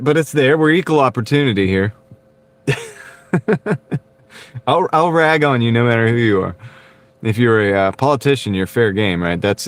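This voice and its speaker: Chatty Texan man streaming from his car. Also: lowish voice. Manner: chatty, laughs often, reads out viewer comments. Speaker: livestreaming delivery driver. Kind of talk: casual livestream chat. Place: car, while driving. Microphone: wireless clip-on mic.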